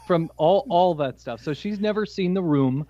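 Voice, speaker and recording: A man's voice: high-pitched, normal speed, mellow, no room sound, highs cut off. A man co-hosting a podcast in casual chat, telling stories with a laugh. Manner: jokey, laughs at his own stories. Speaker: podcast co-host.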